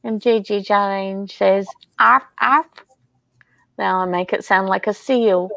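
A woman hosting a casual craft livestream, reading viewer comments aloud in an unhurried, chatty way and laughing often. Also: mid-range voice, level tone, vocal fry, no echo.

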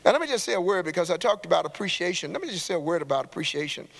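A man preaching a sermon to his church. He calls out to the congregation and builds to shouts. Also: high-pitched, big pitch swings, racing, creaky. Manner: call-and-response preaching, rising to shouts. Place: church sanctuary. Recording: long hall reverb in a church.

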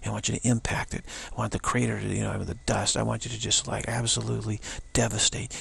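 A man's voice: fairly low pitch, level tone, quick pace, creaky, few pauses, a bit bright, slightly rough. A man giving a spiritual talk, taunting and challenging in a mocking tone. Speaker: spiritual teacher.

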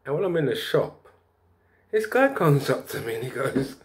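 A man vlogging, telling a rambling spiritual story in a preachy, lively way with bursts of laughter. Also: medium pitch, normal speed, slight background noise.

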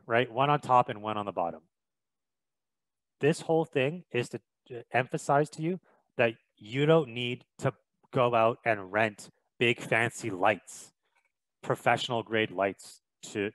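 A man's voice: mid-range voice, dry recording, low-quality recording. A young man from Canada giving a casual video production lesson, chatty and emphatic with frequent fillers, in a home room by a window. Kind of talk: casual instructional talk.

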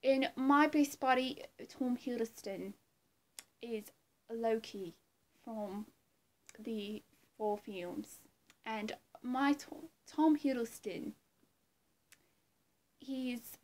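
A cheery, rambling Australian man, throwing out slang greetings at a bit of a high pitch and an unhurried pace, as a woman puts him on. It is a comedic impression. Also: darkish tone. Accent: Australian (put on). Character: man doing a boastful Australian film star.

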